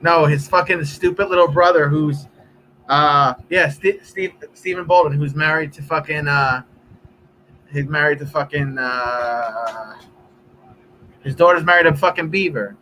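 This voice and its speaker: A man's voice: fairly high pitch, a little slow, pushed and bright, slight background noise, low-quality recording. A man live streaming, chatting casually with viewers in a rambling, profane way.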